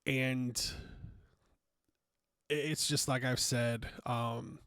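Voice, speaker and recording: A man's voice: mid-range voice, fairly even intonation, extremely slow, a bit bright, clear, resonant tone, dry recording, clean studio sound. A man hosting a podcast, talking through a loose, frank monologue with casual swearing and many fillers. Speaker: podcast host.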